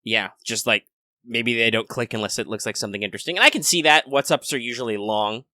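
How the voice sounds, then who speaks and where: A man's voice: medium pitch, fast, pushed and bright, dry recording, clean studio sound. A man co-hosting a casual podcast, rambling and joking at length with his friend. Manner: rambling, jokey, talks at length. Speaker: podcast co-host. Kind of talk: casual chat.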